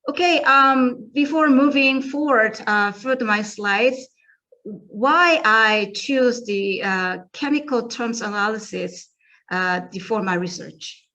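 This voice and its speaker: A woman's voice: on the high side, bright, forceful tone. Korean-accented woman giving a conference talk, lots of uhs and restarts, kinda dull lo-fi sound. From South Korea. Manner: halting, many fillers and restarts. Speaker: conference presenter. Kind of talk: academic presentation.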